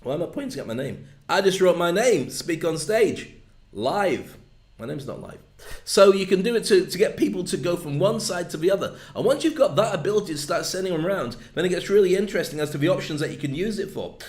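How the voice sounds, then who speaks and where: A man's voice: high-pitched, animated, fast talker, darkish tone, echoey room. A man with a northern English accent, giving a chatty, jokey video lesson on content marketing. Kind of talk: casual video lesson to camera.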